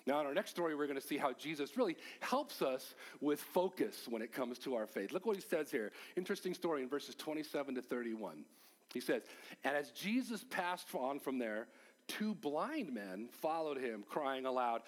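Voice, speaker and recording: An older man preaching a sermon, animated, acting out the people he quotes and dropping to a near whisper for emphasis. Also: a little high, moderate pace. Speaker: pastor.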